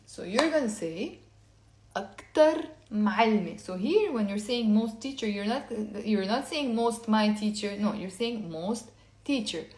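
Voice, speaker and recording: A woman teaching a language lesson, explaining step by step and repeating words slowly for learners to say along. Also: a little high, darkish tone, echoey room. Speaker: Lebanese Arabic teacher.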